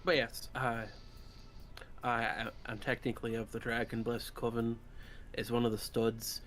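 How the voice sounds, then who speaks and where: A man's voice: mid-range voice, level tone, unhurried, fairly bright tone, a little hiss or hum. A man playing a tabletop game, talking in character in a self-deprecating way and laughing often. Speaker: player. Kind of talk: in-character table-top play.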